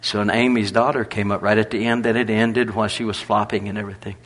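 Husky folksy preacher man. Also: lowish voice, level tone, fast talker, fairly bright tone. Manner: folksy, chuckling storyteller. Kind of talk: storytelling sermon.

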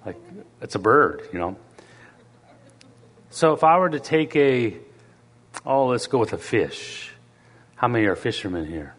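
A man's voice: fairly low pitch, moderate pace, pauses often, big-room sound. A middle-aged man preaching a sermon in a church, talking in a conversational way and asking the congregation questions.

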